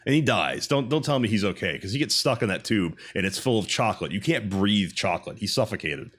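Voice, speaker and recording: A man co-hosting a casual podcast, ranting in an animated, profane way. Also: fairly low pitch, a little fast. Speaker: podcast co-host. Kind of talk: casual chat.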